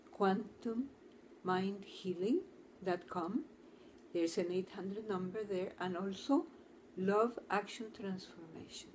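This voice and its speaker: A woman therapist speaks to camera in an earnest, storytelling manner. She talks slowly and deliberately at an ordinary middle pitch, taking her time over each phrase. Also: darkish tone, a little hiss or hum. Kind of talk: talk to camera.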